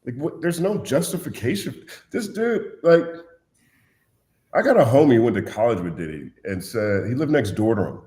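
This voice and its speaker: A man's voice: medium pitch, normal speed. A man talking bluntly and animatedly as a podcast guest in casual chat. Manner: animated, blunt storyteller, puts on voices when quoting.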